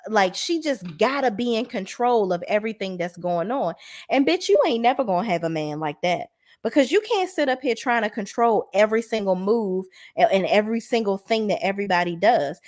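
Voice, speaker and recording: A woman reviewing a reality TV show in casual video commentary, blunt, sassy and full of swearing. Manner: animated, swings between high exclamations and low asides.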